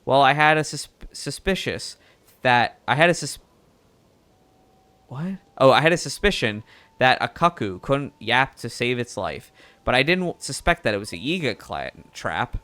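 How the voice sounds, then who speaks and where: A man's voice: mid-range voice, lively intonation, moderate pace, sharp tone, no echo. A man reading a chatty male bird reporter in a game, putting on a Southern American accent.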